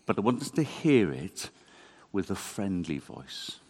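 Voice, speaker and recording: A man giving a conversational, animated sermon in a church. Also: sits low, measured pace. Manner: conversational, animated, self-deprecating. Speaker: preacher.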